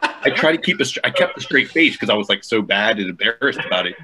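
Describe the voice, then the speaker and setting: A man and former wrestling coach telling a profane, animated story in casual chat. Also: on the low side, fast, slight background noise.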